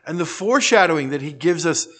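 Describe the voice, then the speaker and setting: A man's voice: a little high, animated, fast. Conversational man preaching with wry asides. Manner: shifts between emphatic bursts and quiet trailing phrases. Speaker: pastor. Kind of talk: expository sermon.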